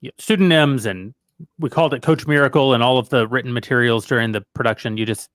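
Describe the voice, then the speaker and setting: Brisk male guest explaining things. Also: medium pitch, a bit bright, no echo, studio quality. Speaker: guest, media company head. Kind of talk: panel interview talk.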